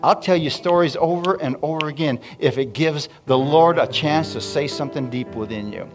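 A man's voice: on the high side, normal speed, music in the background. A middle-aged man preaching a sermon, telling family stories and calling out to the congregation. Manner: animated, calls out to the congregation. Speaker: pastor. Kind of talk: sermon storytelling.

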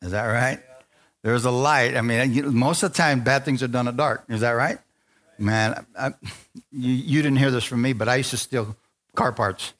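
Man preaching with call-and-response energy. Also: moderate pace. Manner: call-and-response preaching, asks the crowd for amens; swings from low, confiding asides to loud, rising exhortation. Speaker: pastor. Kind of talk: sermon.

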